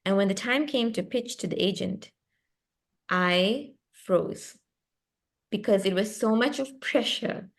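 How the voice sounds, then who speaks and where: A young South African woman speaks over a video call in a middle-pitched voice. She is an author telling her story with lively energy. She laughs easily and interrupts herself as she goes. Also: takes it slowly. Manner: animated, laughing, lively and expressive, with self-interruptions. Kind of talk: storytelling in a book club chat. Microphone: computer mic on a video call.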